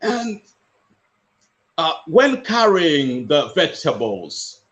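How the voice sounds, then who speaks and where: A man's voice: a little high, very animated, slow, fairly bright tone. A man from West Africa, a motivational speaker, telling a personal story in an earnest way and repeating phrases for emphasis.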